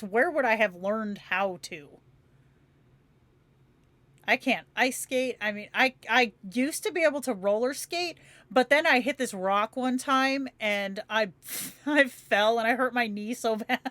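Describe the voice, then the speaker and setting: Phoenix-raised woman rambling on a livestream, kinda high voice, laughs a lot, cusses, dry close sound. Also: animated, a little slow, fairly bright tone, no echo. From Phoenix, Arizona, USA. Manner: chatty, laughs often, swears freely, says "yo". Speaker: livestream host. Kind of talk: casual chat with live viewers.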